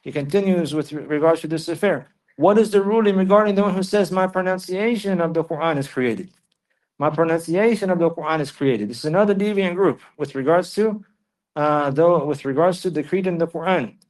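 A man giving a religious lesson, reading Arabic passages quickly and then translating and explaining them slowly, often repeating himself and checking that listeners follow. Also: on the high side, a little mellow. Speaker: religious teacher. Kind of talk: classroom lecture explaining a text.

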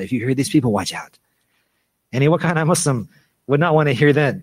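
A man's voice: mid-range voice, animated, a little fast, dry recording. A man teaching a religious lecture, repeating phrases for emphasis and mixing in Arabic phrases. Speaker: Islamic preacher and teacher.

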